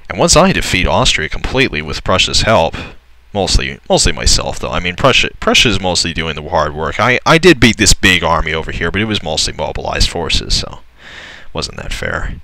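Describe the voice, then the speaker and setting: A young man casually commentating a strategy game, excitable and swearing, often laughing in disbelief. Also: deep voice, normal speed, gravelly, dry recording, low-quality recording. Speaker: gameplay commentator. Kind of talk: casual let's-play commentary.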